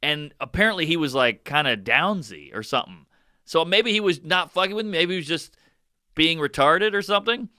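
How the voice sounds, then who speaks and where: A man on a podcast telling stand-up stories in a deadpan way, acting out other people in quoted voices. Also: fairly high pitch, a little fast, no echo, clean studio sound. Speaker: stand-up comedian guest.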